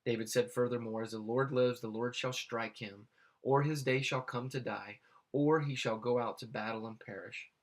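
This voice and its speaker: Man, Bible teacher, reads scripture then explains, halting, fillers, medium pitch. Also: fairly even intonation. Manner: halting, many fillers and restarts.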